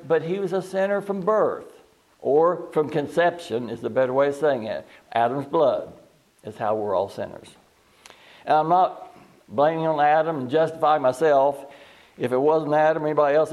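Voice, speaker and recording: A man teaching a Bible study in a folksy, halting way, reading scripture slowly. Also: fairly high pitch, darkish tone. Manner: folksy, plain-spoken and halting.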